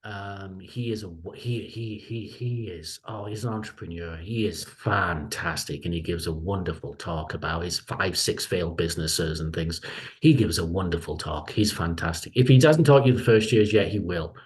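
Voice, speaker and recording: A man's voice: low voice, normal speed. A middle-aged man, a lecturer, talking casually in an online meeting, rambling and repeating himself as he gives advice.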